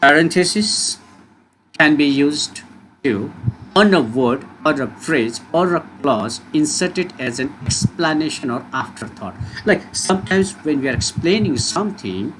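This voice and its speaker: A man teaching a lesson, explaining with an expressive delivery and frequent rhetorical questions. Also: fairly high pitch. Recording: noisy recording with steady background noise.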